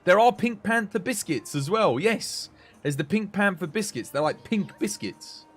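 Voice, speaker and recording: A man's voice: sits high, expressive, normal speed, husky, faint music behind. A British man chatting casually with his live-stream viewers, rambling and answering chat. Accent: British English. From United Kingdom.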